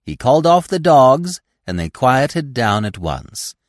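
A man's voice: mid-range voice, very animated, a little slow, dry recording, studio quality, voice pushed up. A man voicing a proud, boastful young deer boasting of his winter among people. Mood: storytelling. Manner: boastful, superior.

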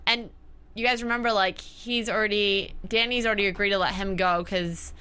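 A woman co-hosting a casual chat, talking fast and acting out scenes in quoted voices. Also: medium pitch, fairly even intonation, bright, forceful tone, clean tone. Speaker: co-host.

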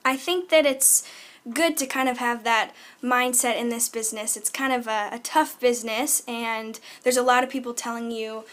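A woman's voice: fairly high pitch, fairly even intonation, moderate pace, fairly bright tone. Giggly young woman singer, chatty. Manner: easygoing, giggly, many fillers. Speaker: singer being interviewed. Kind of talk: casual interview chat.

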